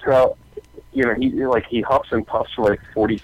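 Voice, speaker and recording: A man working an arcade counter, telling a profane, animated story on a casual talk show. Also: mid-range voice, normal speed, vocal fry, no room sound, low-quality recording. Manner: profane, animated retelling with acted-out quotes. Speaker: arcade counter worker, guest.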